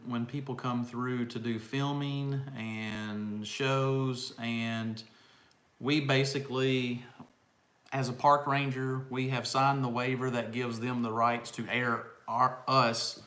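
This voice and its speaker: Middle-aged kentucky guy, slow southern drawl, casual livestream chat, echoey room. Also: mid-range voice, little pitch movement, fairly bright tone. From south central Kentucky. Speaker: co-host, park guide. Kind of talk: casual live-stream chat.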